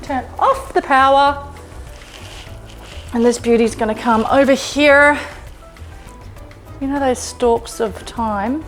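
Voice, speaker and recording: A woman cooks in her kitchen and talks the viewer through each step, chatty and gushing as she exclaims over the food. Her voice sits a little high. Clear music plays behind her over the sizzle of the pan. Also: takes it slowly, long pauses. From Australia. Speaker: cooking show host, chef. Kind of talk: casual cooking demonstration. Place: kitchen, cooking at the stove.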